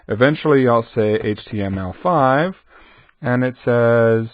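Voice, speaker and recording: A man's voice: mid-range voice, measured pace, no echo. A man teaching a programming lesson, chatting to the viewer and answering his own questions. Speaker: programming instructor. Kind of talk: screen-recorded coding lesson. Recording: dull dry lo-fi recording.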